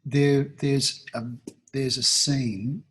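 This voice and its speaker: A man's voice: mid-range voice, steady tone, extremely slow, a bit bright, breathy edge. A man in his sixties from Australia, a talent agency founder talking thoughtfully as an interview guest, with many restarts and fillers. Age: 60s. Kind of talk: reflective interview conversation.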